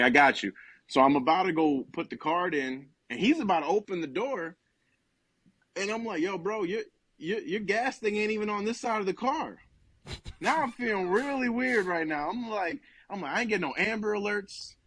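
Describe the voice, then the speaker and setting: On a podcast, a young New Jersey man with a slightly high voice tells a rambling, profane comic story at a moderate pace, acting out every line of quoted dialogue. The recording is dry and close, with no echo or room sound.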